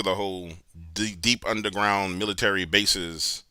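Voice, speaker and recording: A man with a New Orleans accent hosting a call-in show, chatting casually, swinging from loud bursts to low mutters. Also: moderate pace, few pauses, no echo.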